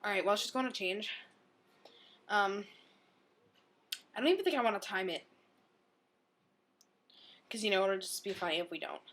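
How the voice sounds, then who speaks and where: A woman's voice: mid-range voice, expressive, moderate pace, pauses often, fairly bright tone. A young woman hosting a casual vlog, giggling as she chats to the camera. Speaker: vlog host. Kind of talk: casual chat.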